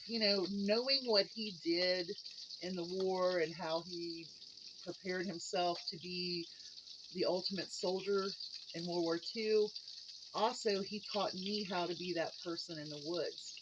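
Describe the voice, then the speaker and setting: An earnest vlogger chatting casually from a home kitchen while cooking, rambling and open. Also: medium pitch. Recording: dull audio with running tap and kitchen noise.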